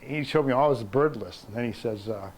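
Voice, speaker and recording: A man's voice: mid-range voice, brisk, slight background noise. Older Maine man telling stories. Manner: folksy anecdotal storytelling, acts out quoted voices. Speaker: author giving a library talk. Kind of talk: storytelling talk. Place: public library talk room.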